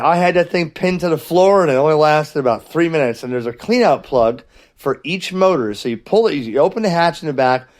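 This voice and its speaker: A middle-aged man, host of a hobby channel, telling a story in a casual vlog with an animated, exasperated delivery and frequent restarts. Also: medium pitch. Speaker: ham radio channel host.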